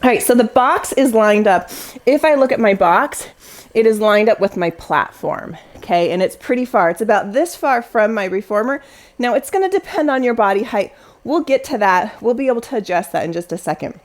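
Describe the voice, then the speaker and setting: Guiding a Pilates session, this instructor gives cues and counts reps down to keep her class going. Her voice is a little high, animated, and brisk.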